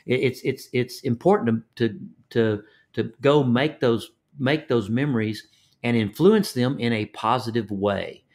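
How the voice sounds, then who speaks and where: This older man from Texas has a Texan accent and a medium-pitched, darkish voice that moves a little slowly. Working as a fishing guide, he spins folksy stories in an interview, repeating words frequently and performing quoted voices.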